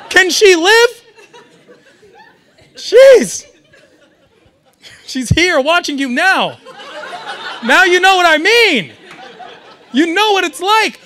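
A young man doing a stand-up comedy set at a live event, animated and riffing with the audience. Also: very high voice. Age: young adult.

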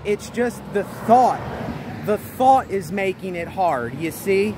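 A man with a fairly high voice giving a motivational vlog talk outside. He talks emphatically and repeats his points, pushing his voice up to carry over faint traffic passing nearby. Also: lively intonation, takes it slowly. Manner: emphatic and repetitive, speaking loudly over outdoor noise. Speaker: vlogger. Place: outdoors near traffic.

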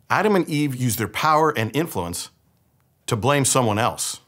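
Pastor, man from the Bay Area, middle-aged, storytelling sermon with a lively, animated pitch and casual humor. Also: normal speed. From San Francisco Bay Area.

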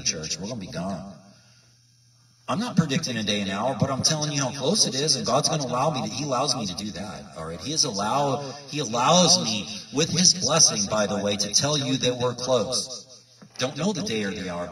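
A man's voice: lowish voice, a bit bright, far from the mic. A man preaching informally to his viewers, emphatic and repetitive, full of rhetorical questions. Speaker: independent Bible teacher.

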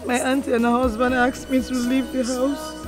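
A young actress with a Nigerian accent playing an orphaned girl who pleads softly and tearfully. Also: high voice, level tone, normal speed, lightly acted. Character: young orphan woman begging forgiveness. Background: film score music.

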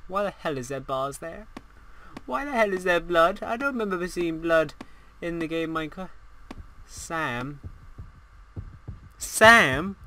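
A young man commentating a horror game as he plays, excitable and swearing, talking back at the game. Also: fairly high pitch, normal speed, slight background noise, poor audio. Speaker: gaming channel host.

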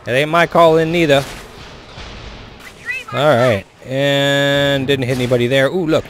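A young man commentating his own shooter gameplay as he plays, swinging between low muttering and excited whoops. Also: a little slow, slight background noise. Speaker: gaming video host.

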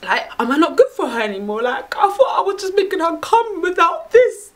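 Brash animated woman vlogging. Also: very high voice, fairly quick. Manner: brash, animated and profane, heavy slang. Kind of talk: casual monologue to camera.

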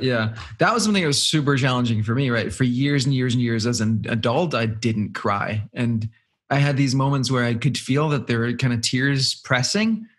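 A man hosting an interview show, giving short affirmations and asking probing follow-up questions. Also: medium pitch. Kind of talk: interview conversation.

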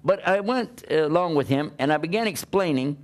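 An older man preaching, telling a personal story in an animated way and often laughing as he talks. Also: a little high, normal speed. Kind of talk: storytelling talk.

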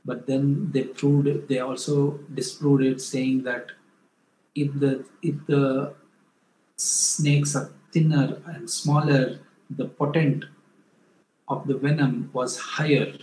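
A man from India, presenting wildlife photos in a talk, often pausing and correcting himself, livelier when retelling a story. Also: medium pitch, little pitch movement, a little mellow. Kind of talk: illustrated talk. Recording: echoey room, faint background noise.

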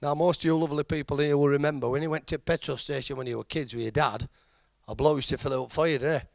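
Gravelly Yorkshire stand-up comedian. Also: male voice, on the high side, quick pace, dry recording. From Yorkshire, England. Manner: animated storytelling, acting out characters and machine voices. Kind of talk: stand-up routine. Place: comedy stage before a live audience.

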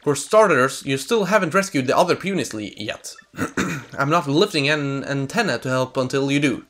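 A man's voice: mid-range voice, lively intonation, normal speed, a bit bright. A Swedish man voicing a stubborn, proud young male bug creature from a game, huffy and defiant, reading in English.

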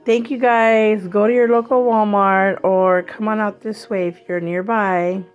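Woman vlogger, unhurried, sick and coughing, gushy rambling chat, faint music under. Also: medium pitch, steady tone, muffled recording. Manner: chatty, gushing, rambling with fillers. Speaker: vlogger showing purchases. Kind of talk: casual unboxing chat.

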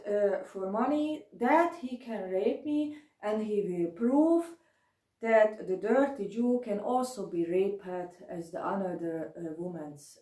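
A woman speaks in halting, that is full of fillers and repeated words, and she turns emphatic at times. Her voice sits a little high for a woman. She sounds far from the microphone in a roomy, echoing space. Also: darkish tone. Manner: halting non-native English with many fillers and repetitions, emphatic. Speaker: speaker giving personal testimony. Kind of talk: emotional personal account to camera. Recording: roomy, distant mic.

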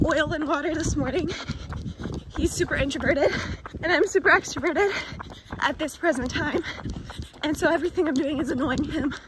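Young woman, bubbly chatty vlogger, high voice, noisy outdoor phone recording. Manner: bubbly, chatty, laughs often. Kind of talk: casual video diary. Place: outdoors on a road while running.

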